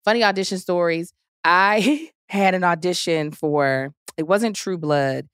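A woman's voice: fairly low pitch, unhurried, smooth, no echo, clean studio sound. A woman telling stories as a podcast guest in casual chat, acting out quotes and laughing often. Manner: animated storyteller, acts out quotes, laughs often.

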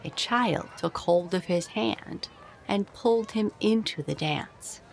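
A woman reading a storybook aloud in an expressive storytelling manner. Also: mid-range voice, slow pace, creaky, slight background noise, low-quality recording.

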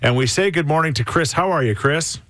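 A man's voice: fairly high pitch, a little fast, a bit bright, no room sound, studio quality. A middle-aged man hosting a radio morning show, chatting casually, reading listener texts and laughing often. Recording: music bed behind the voice.

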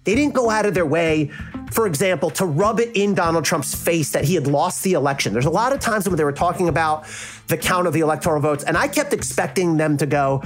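South Jersey man, former prosecutor, blunt and animated, lively delivery. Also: a little high, fast, soft background music. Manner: frank, animated, acts out quoted reactions. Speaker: legal analyst and former prosecutor. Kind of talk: casual interview.

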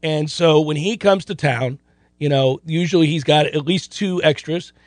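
A middle-aged man hosting a sports radio show, chatting casually and telling stories in an animated, self-deprecating way. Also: on the high side, normal speed, no echo. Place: radio studio.

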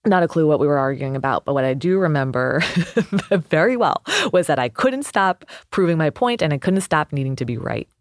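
A woman's voice: sits low, lively intonation, a little fast, dry recording, clean studio sound. A woman therapist, a guest on a podcast, telling personal stories in a reflective, earnest way with frequent fillers. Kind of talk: casual podcast conversation.

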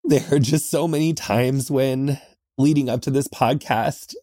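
Talking solo from inside a small closet, a male podcast host speaks earnestly and reflectively, sprinkling in "like" often. His mid-range voice is warm and unhurried, and the studio-quality recording has no room sound.

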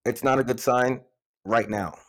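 A man co-hosting a football podcast, hoarse from yelling, swearing and arguing excitedly about his team's win. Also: mid-range voice, measured pace, low-quality recording. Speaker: podcast co-host, City fan. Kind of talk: heated casual football debate.

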